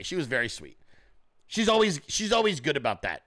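Host, male, 40s: bright, high-pitched voice, very animated, profane storyteller. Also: brisk. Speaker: show host. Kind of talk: profane ranting monologue.

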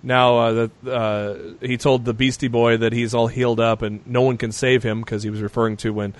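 A man recaps the week's news in a loose, casual podcast style, with a voice of ordinary middle pitch. He rambles, restarts sentences and leans on fillers as he goes. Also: level tone, moderate pace, no echo. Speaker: podcast co-host.

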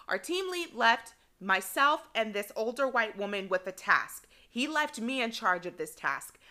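A woman in her thirties recounts a workplace story for her podcast, quick and animated, with an indignant edge. Her voice sits a little high and rings bright. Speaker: podcast host telling a story. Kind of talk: casual storytelling.

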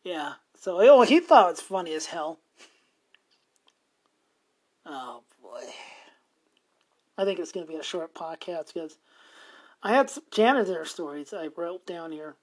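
A man's voice: on the high side, sing-song, measured pace, long pauses, darkish tone, slightly rough. A middle-aged man hosting a podcast, telling stories in a rambling, profane way and chuckling often. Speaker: podcast host. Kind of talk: casual storytelling monologue.

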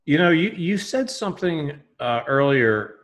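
A man from Philadelphia with a Philly accent, hosting a casual conversation in an animated, joking way. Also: on the high side, a little slow.

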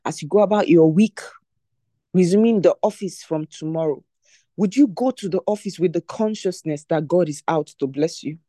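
Emphatic and warm-toned, this mellow teacher delivers a devotional talk at normal speed in a mid-range voice, repeating key phrases and asking listeners rhetorical questions directly. The recording is dry and close-miked, without any room sound.

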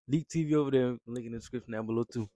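Mellow-voiced man teasing in slangy banter. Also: mid-range voice, racing, no room sound, studio quality. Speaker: podcast co-host. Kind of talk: casual banter.

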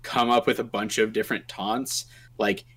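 Relaxed joking podcast guy. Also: lowish voice, moderate pace, breathy edge. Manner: relaxed, joking, with many fillers. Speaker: podcast co-host. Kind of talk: casual chat about tabletop game spells.

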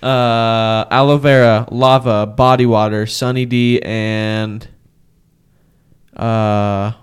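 A man's voice: on the low side, flat delivery, takes it slowly, clean tone. A young man co-hosting a casual podcast, rambling and thinking aloud with fillers. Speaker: podcast co-host. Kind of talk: casual chat.

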